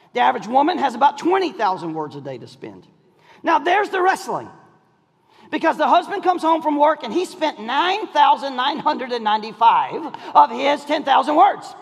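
High-pitched gravelly preacher, echoing hall. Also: male voice. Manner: storytelling, animated, often laughing and shouting. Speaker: pastor. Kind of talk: sermon. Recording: long hall reverb.

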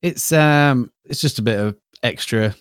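A man's voice: medium pitch, a little slow, clean tone, no echo, studio quality. A young man, co-hosting a casual podcast chat in a laid-back way. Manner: laid-back, short replies, laughs often. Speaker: podcast co-host.

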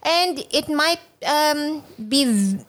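A woman co-hosts a relaxed podcast, chatty and quick to laugh. Her voice sits a little high, and her talk wanders through asides and fillers. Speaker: podcast co-host. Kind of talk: casual podcast chat.

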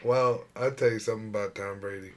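A man's voice: lowish voice, steady tone, fast. A young man chatting on a casual sports podcast. He delivers his jokes dry and matter-of-fact, sparring with his co-host.

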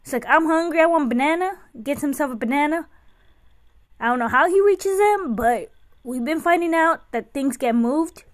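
A woman with a fairly high voice talks in a loose, chatty way. She spins everyday stories as a podcast host and mother. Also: lively intonation, moderate pace. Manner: chatty, anecdotal storytelling. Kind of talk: casual chat.

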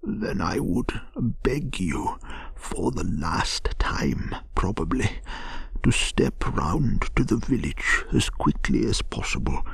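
A man voicing a languid, self-pitying male toad who pretends to be gravely ill, in a gentle bedtime storybook reading. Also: on the low side, big pitch swings, takes it slowly, no room sound, pitched above the performer's own voice, full character voice. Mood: feebly self-pitying. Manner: feeble, sighing, melodramatic.

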